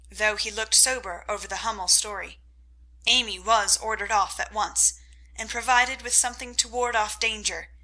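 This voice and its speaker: A woman reading a classic novel aloud as audiobook narrator, in a clear storytelling manner. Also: a little high, bright, forceful tone, rough recording. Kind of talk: scripted narration.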